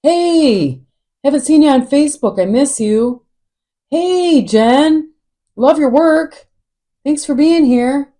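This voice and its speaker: A woman's voice: sits high, expressive, takes it slowly, warm tone, voice pushed up. A woman imitating assorted people who send her pushy messages, in a mocking, overly sweet sing-song.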